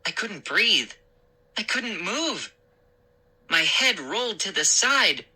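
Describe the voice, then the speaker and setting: A woman reading a scary children's story aloud as the show's storyteller, in a measured, expressive way. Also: mid-range voice, husky, poor audio.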